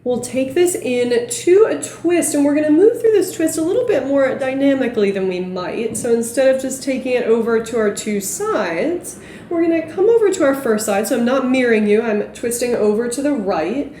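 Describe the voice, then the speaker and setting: A young woman teaching a yoga class, gently cueing breath and movement. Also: fairly high pitch, lively intonation, moderate pace, roomy sound, slight background noise. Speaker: yoga instructor. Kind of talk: guided yoga class instruction.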